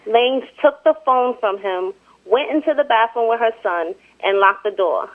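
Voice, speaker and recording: A soft-spoken woman chatting as a guest and reading a news story aloud. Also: fairly high pitch, normal speed. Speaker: show guest and co-host. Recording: tinny phone-line sound.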